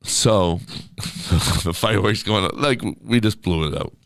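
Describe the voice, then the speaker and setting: A man co-hosting a podcast, telling a story in a relaxed, casual way. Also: lowish voice, unhurried, no room sound. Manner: laid-back storyteller, drops into quoted voices. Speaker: podcast co-host.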